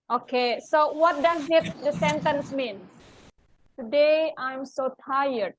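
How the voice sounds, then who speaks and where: Indonesian lady lecturer, high voice, slow n halting, lots of uh and um, dry dull sound. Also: a bit bright, no room sound. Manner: halting, slow, with many fillers and questions to students. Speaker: university lecturer. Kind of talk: classroom English lesson.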